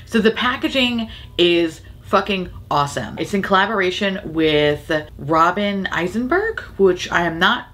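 Sick, nasal woman chatting animatedly. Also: fairly low pitch. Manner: animated, profane, laughing often. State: sick, nasal from a sinus infection. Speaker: makeup video host. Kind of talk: casual chat.

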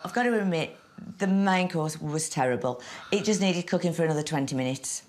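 A woman's voice: low-pitched, fairly quick, background noise. A woman hosting a dinner party, explaining her dishes in casual talk.

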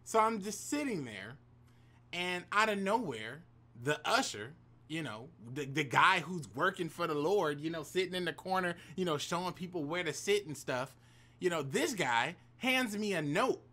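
A YouTube storyteller with a slightly high voice, lively intonation, and a bright, forceful tone talks at normal speed. He tells a personal tale to camera, swearing and using slang, and pumps up his viewers with asides.

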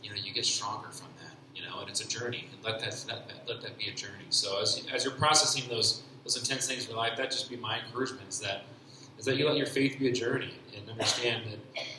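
A man giving a personal faith testimony at church, speaking haltingly with many restarts and repeated fillers. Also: fairly low pitch, steady tone, background noise. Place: church hall. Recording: very echoey church hall.

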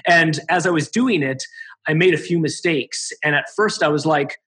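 A man's voice: on the high side, moderate pace, fairly bright tone, husky. A man guesting on a podcast, chatting loosely and telling work stories with lots of fillers. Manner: chatty storyteller, many fillers. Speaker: guest, assistant editor. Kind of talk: casual podcast conversation.

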